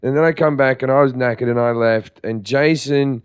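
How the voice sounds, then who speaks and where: Man, podcast co-host, smooth resonant voice, mid-range pitch, animated comedic storytelling, laughs and curses. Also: moderate pace. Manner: animated storyteller, laughs through his telling, swears freely.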